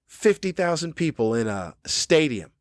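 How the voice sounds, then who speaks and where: A man's voice: fairly high pitch, very animated, normal speed, dry recording, clean studio sound. Angry, swearing male comedian ranting. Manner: angry, profane, cranky. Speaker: podcast host and comedian. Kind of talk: ranting monologue. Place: cruise ship room.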